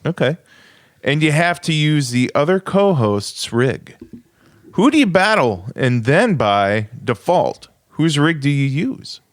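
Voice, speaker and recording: A man's voice: fairly high pitch, sing-song, slow. A man co-hosting a casual podcast, playful, slipping into a mock game-show announcer delivery. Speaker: podcast co-host. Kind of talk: casual chat.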